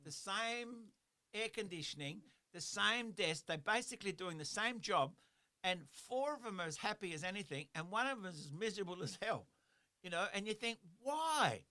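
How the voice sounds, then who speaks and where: A man's voice: sits high, lively intonation, moderate pace, bright, forceful tone. A middle-aged man hosting a motivational radio chat in a studio, talking earnestly and repeating his points for emphasis. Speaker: radio show host.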